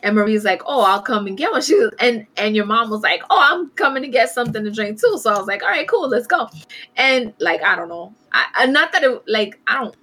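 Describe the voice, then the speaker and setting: A woman telling an animated, laughing story in casual chat among friends. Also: mid-range voice, fast, hardly any pauses.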